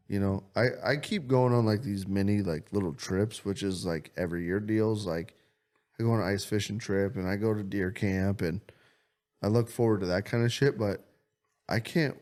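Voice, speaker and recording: A young man co-hosting a podcast, telling stories in a loose, animated way and swearing a lot. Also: on the low side. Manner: animated storytelling, heavy swearing. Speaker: podcast co-host. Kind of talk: casual chat.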